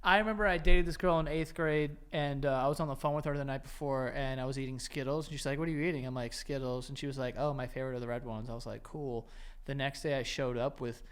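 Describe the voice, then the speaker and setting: A man's voice: medium pitch, fairly even intonation, fast talker, a bit bright, smooth. A man in his thirties co-hosting a podcast, telling crude joking anecdotes. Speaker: podcast co-host. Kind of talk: casual chat.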